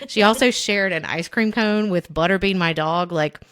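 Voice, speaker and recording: A young woman co-hosts a casual podcast, with a voice that sits a little low. She tells stories in a loose, rambling way, full of fillers, restarts and little quoted voices. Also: normal speed, fairly bright tone, clear, resonant tone. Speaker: podcast co-host. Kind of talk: casual chat.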